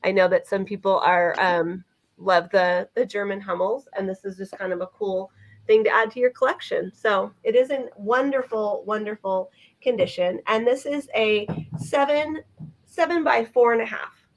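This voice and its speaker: A woman's voice: mid-range voice, moderate pace. A woman co-hosting a live vintage sale, chatting enthusiastically as she describes items. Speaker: vintage seller co-host.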